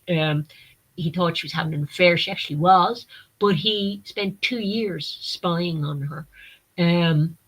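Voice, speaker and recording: Woman, frank vlog storytelling, bright crisp tone, animated delivery, mimics people she quotes. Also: mid-range voice, rough recording. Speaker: vlogger. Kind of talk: candid personal storytelling.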